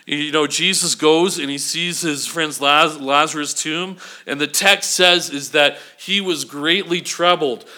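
Pastor guy preaching, very bright ringing voice, kinda high, keeps asking okay?. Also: fairly even intonation, a little slow, hardly any pauses. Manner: conversational preaching with frequent "okay?" check-ins. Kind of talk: sermon.

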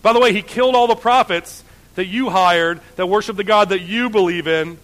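A man's voice: high-pitched, moderate pace, fairly bright tone. A man voicing a naive king who chats casually to his wife in modern slang. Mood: breezy. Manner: breezy, casual modern talk. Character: naive cheerful king, chatty husband.

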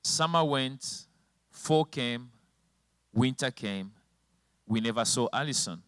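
A man's voice: mid-range voice, expressive, slow pace, dry recording. A male preacher telling a personal testimony in a sermon, emotional, his voice rising and falling sharply. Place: church with slides and a helper at the computer.

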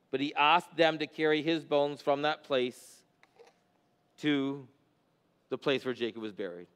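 A male pastor preaching in a church sanctuary, his voice rising and falling as he drives his points home. His tone is smooth and resonant. A long reverb from the large hall hangs behind his words. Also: a little high. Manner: animated preacher, voice climbing and dropping for emphasis. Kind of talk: expository sermon.

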